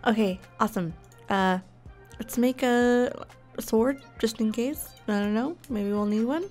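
A woman's voice: a little high, measured pace, a little mellow, soft background music. A young woman giving casual, bubbly gameplay commentary, gushing and gasping as she explores. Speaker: gaming YouTuber.

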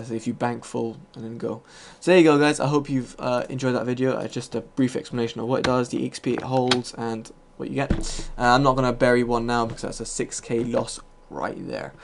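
A man's voice: medium pitch, vocal fry, a little hiss or hum. A man giving loose, rambling commentary over his own gameplay, full of fillers and the odd casual swear. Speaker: gaming video host.

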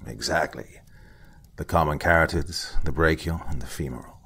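A man doing a gruff, blunt older forensic investigator. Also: very deep voice, normal speed, fairly bright tone, heavily acted. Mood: curt, lecturing. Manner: blunt, curt, lecturing, some lines whispered.

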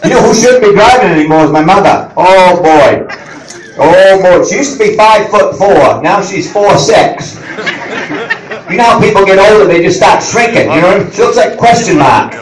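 A middle-aged man doing an animated stand-up set, acting out voices as he tells stories. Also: sits high, normal speed, some chatter behind. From Maine. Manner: animated storytelling, acts out voices. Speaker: stand-up comedian. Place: live event hall with audience. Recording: roomy audience recording from a distance.

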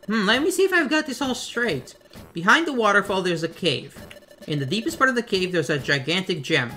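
A man's voice: sits high, big pitch swings, fairly quick, sharp tone, soft background music, pitched above the performer's own voice, heavily acted. A man playing Chatot, a pompous fussy bird. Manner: haughty, emphatic, lecturing. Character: fussy pompous bird, the guild's stern assistant.

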